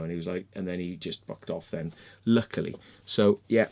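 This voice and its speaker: A middle-aged British man hosting a casual livestream, telling a story in a sweary, excitable way and acting out the voices of the people in it. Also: on the low side, a little fast. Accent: British English. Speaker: livestream host. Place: home room with fan and dog.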